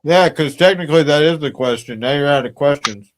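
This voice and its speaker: Abrasive, insulting guest with a slightly high voice. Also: male voice, a little fast, a little hiss or hum. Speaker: stream guest. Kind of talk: crude casual live-stream banter.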